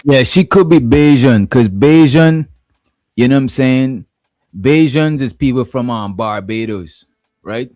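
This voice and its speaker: A man's voice: medium pitch, measured pace, darkish tone, no room sound, studio quality, faint music behind. A man from Guyana with a Guyanese accent, hosting a casual livestream and rambling, often asking "you know what I'm saying". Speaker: livestream host.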